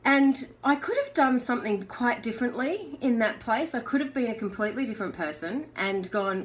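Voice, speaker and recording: Animated Australian woman telling a story. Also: fairly high pitch, a little fast, hardly any pauses. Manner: animated storyteller who laughs often; acts out her own inner voice in quotes. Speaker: host of a live motivational show. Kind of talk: casual motivational talk.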